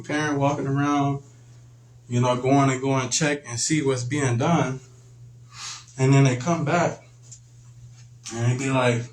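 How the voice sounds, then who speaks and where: Male preacher, medium pitch, relaxed conversational teaching, roomy sound. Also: a little slow, pauses often, slight background noise. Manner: acts out quoted voices in a higher pitch, conversational. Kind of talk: casual spoken teaching.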